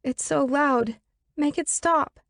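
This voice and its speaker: A woman's voice: high-pitched, measured pace, background noise, voice pushed up. A woman doing a wailing, distraught young woman. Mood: anguished. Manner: wailing, pleading.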